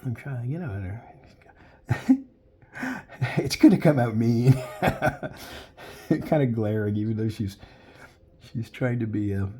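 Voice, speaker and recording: A man's voice: medium pitch, takes it slowly, long pauses, mellow, husky. A man chatting casually while he sketches live, rambling into jokey stories as he goes. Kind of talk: casual commentary while drawing.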